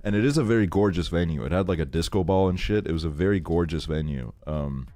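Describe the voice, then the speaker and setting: In a deep, dark voice and at a quick pace, a tired man in his twenties tells a wandering story during casual stream chat. There's lots of laughing and swearing, and no echo on the recording.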